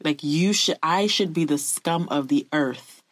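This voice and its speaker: A woman's voice: low voice, measured pace, dry recording. A woman telling a personal story to her viewers in an earnest, confessional way. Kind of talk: candid personal storytelling to camera.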